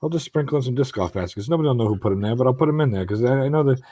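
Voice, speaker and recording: Casual, kindly God in a comedy skit, a man doing the voice, pitched well up and a bit husky, dry sound. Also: lively intonation, rapid-fire, dark tone, no room sound, natural voice. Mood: pleased. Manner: casual, chatty, offhand. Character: easygoing, benevolent God, a male deity. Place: home, on a video call.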